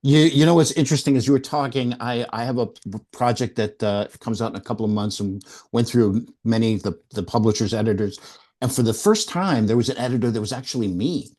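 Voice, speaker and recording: A man's voice: medium pitch, fast talker. A man hosting a podcast, telling stories in a casual conversation and acting out what others said. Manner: animated storyteller, acts out quotes. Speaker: podcast host.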